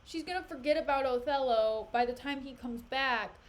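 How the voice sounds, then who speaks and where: A woman's voice: high-pitched, normal speed, natural voice. A woman voicing a scheming man who pushes his friend along in impatient slang. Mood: pushy.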